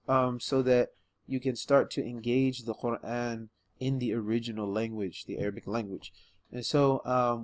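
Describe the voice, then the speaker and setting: Man, Arabic reading teacher, casual and chatty, many ums, loud emphatic letter sounds. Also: medium pitch. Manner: relaxed and chatty, with frequent ums. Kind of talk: beginner Arabic lesson video.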